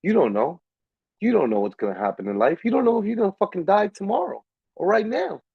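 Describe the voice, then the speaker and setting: A man's voice: high voice, very animated, fast, creaky, slightly rough, dry recording, dull audio. An American man co-hosting a casual live stream, lecturing profanely and with lots of energy. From United States. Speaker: stream co-host.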